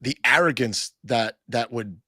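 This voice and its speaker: A man's voice: mid-range voice, measured pace, sharp tone, husky, dry recording, clean studio sound. A man hosting a casual talk show, speaking bluntly and rambling with frequent restarts. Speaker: podcast host. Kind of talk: casual crypto chat.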